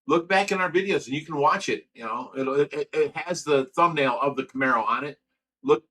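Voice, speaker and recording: A man's voice: on the high side, sharp tone, low-quality recording. An older man and grandfather hosting a casual livestream, chatting loosely and reading viewer comments aloud with frequent laughs. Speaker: livestream host.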